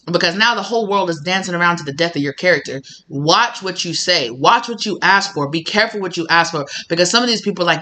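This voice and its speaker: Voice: mid-range voice, lively intonation, fast talker, few pauses, bright, forceful tone. A tarot reader giving a casual reading to camera, blunt and sassy, swearing freely and laughing often.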